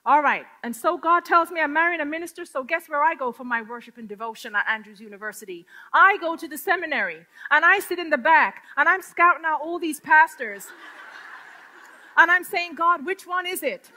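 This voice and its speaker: A middle-aged woman giving a lively spoken testimony, storytelling with acted-out quotes. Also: high-pitched, brisk. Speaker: testimony speaker.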